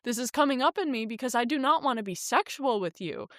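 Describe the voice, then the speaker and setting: A woman's voice: on the high side, animated, quick pace, fairly bright tone, no room sound, studio quality. A woman vlogger telling a story in a casual, frank, exasperated way, full of "like" and swearing. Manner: frank, exasperated retelling, heavy use of "like" and swearing.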